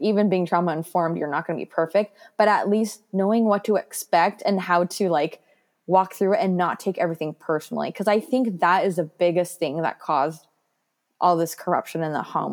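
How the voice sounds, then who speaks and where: A young woman with a slightly lower-than-average voice tells her foster care story as a guest in a candid personal interview. She comes across as earnest, loose and reflective, scattering plenty of "like" fillers throughout.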